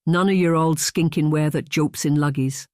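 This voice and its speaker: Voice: medium pitch, steady tone, normal speed, darkish tone, no echo, clean studio sound, close to an everyday voice. A narrator doing a solemn Scottish boy. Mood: gruff. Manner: broad Scots dialect, matter-of-fact. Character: young red-haired Scottish boy, solemn and proud. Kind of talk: audiobook character voice.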